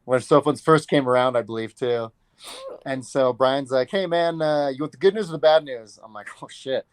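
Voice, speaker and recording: A fighter in his thirties tells a story casually during an interview, loose and profane, acting out what people said. His voice sits mid-range with a smooth quality, moving at a moderate pace, and there's no room sound.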